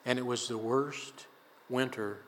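Bright-toned older man preaching in a hall. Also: mid-range voice, fairly even intonation, a little slow, a little hiss or hum. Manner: conversational, folksy storytelling with chuckles. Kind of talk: sermon with personal story. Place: church sanctuary.

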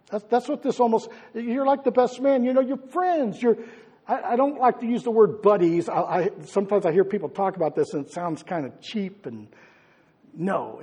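A man who is a pastor, preaching a conversational sermon, asking his congregation questions and swinging between loud and hushed delivery. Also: sits high, breathy edge, long reverb tail. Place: church hall.

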